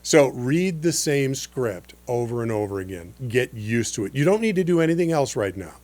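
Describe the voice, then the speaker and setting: A man's voice: mid-range voice, big pitch swings, normal speed, a little mellow. A man in his sixties, a voice-over coach hosting a podcast lesson, explaining things in an easygoing, chatty way with frequent "uh" and "you know.".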